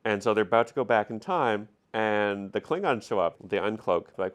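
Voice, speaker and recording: A man's voice: lowish voice, brisk, few pauses. A man casually retelling a story for laughs, flippant and slangy, laughing often and loosely voicing the characters he quotes. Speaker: storyteller recapping an episode.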